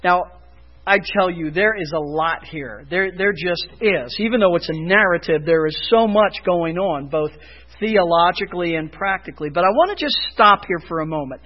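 High, animated preaching man, lo-fi. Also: normal speed. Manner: emphatic preaching, rising for emphasis and dropping low. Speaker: pastor. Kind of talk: sermon.

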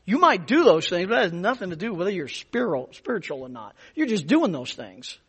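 A man's voice: high voice, very animated, a little fast, fairly bright tone, husky. A man preaching a Bible-study sermon, emphatic, with repeated phrases that build in force. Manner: emphatic, repeats key words, rises for stress. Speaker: pastor. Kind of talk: expository sermon.

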